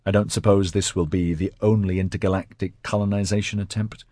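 An earnest young dad dreaming out loud about the future, played by a man reading an audiobook. The voice is deep and slightly husky, in a dry close recording. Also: flat delivery, fairly quick, dry recording. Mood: eager. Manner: enthusiastic, earnest. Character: young husband and father, eager dreamer.

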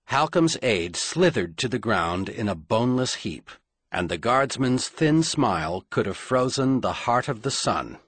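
A man narrating an audiobook in measured, dramatic storytelling. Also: medium pitch, big pitch swings, a bit bright, husky, no room sound, clean studio sound.

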